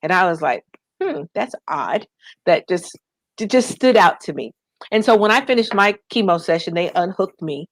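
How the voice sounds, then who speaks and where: A woman with a somewhat low voice tells her story in an interview. She is animated and acts out the voices she quotes. The sound is dry and close. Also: fairly quick, no echo. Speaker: guest, nonprofit founder.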